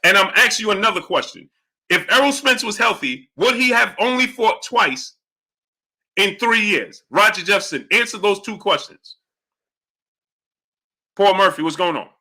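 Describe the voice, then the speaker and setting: A man's voice: lively intonation, moderate pace, pauses often. A man hosting a live boxing chat stream who reads super chats, argues with viewers and keeps demanding yes-or-no answers. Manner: argumentative, repeatedly demanding answers; greets chatters in a low, quiet aside. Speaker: boxing talk show host.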